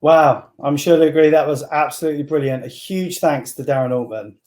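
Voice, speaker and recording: A man's voice: fairly high pitch, a little fast, darkish tone. A man compering a live online event, speaking in a polite, upbeat, welcoming way. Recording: echoey room sound.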